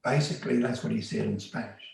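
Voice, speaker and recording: A man's voice: lowish voice, fairly even intonation, fast talker, gravelly, a little mellow. A man telling a first-person story in an earnest, plain-spoken, conversational way. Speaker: storyteller recounting undercover work. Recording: very echoey room.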